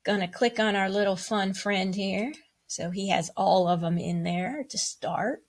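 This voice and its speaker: A woman music teacher leading a playful online rhythm lesson for children, cheering often and chanting rhythm syllables and counts. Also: a little slow. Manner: bubbly and playful, with high whoops and cheers.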